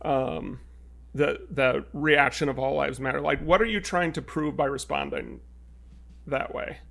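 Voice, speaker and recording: A man's voice: on the high side, fairly even intonation, a little slow, creaky, fairly bright tone. A man co-hosting a podcast in casual chat, earnest and stopping to restart his thoughts. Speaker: podcast co-host.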